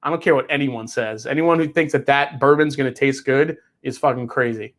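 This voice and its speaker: A whiskey show host chats casually on a livestream in a medium-pitched, brisk voice with a fairly bright tone. He rambles, restarts sentences, and swears freely as he reads out chat messages.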